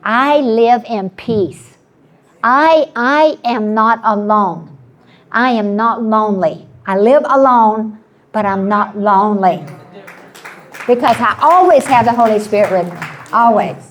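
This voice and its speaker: Seventies woman, panel guest, earnest storyteller, a bit high-pitched. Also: takes it slowly. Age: 70s. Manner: earnest storytelling with frequent restarts. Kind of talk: personal testimony on a panel.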